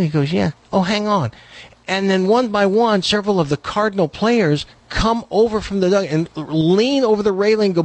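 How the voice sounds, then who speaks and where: A man telling a long joke in a casual, animated way, briefly voicing the characters in it. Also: sits high, no echo. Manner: animated, voices the characters in his jokes; lively, quick-paced delivery. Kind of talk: joke storytelling.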